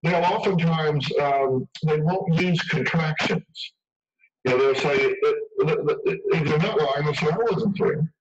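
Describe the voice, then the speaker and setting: A man's voice: fairly high pitch, a little slow, noisy background. A man speaking as an expert guest in a radio interview, emphatic and conversational, acting out quoted lines. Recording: dull radio broadcast from far off.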